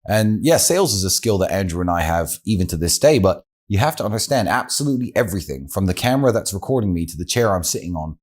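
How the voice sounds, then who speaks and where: A man's voice: lowish voice, a little mellow, slightly rough. A man giving blunt, direct motivational advice, speaking straight to the listener as a coach would. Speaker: course presenter.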